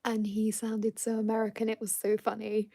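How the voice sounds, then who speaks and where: Lady teaching japanese live, chatty, laughy, bit of vocal fry. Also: a little high, completely flat delivery, normal speed, warm tone, dry recording. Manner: chatty, laughs often, says "like" a lot. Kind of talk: casual live lesson chat.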